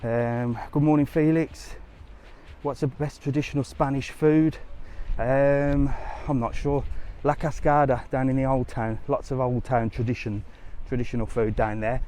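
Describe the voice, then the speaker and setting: A man's voice: medium pitch, steady tone, a little slow, dark tone. A man walking a resort strip, chatting to viewers in a live vlog and answering their questions. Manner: chatty, cheeky, answers comments on the go. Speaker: travel vlogger. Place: outdoor tourist strip by the sea. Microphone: handheld camera while walking. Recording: light street noise outdoors.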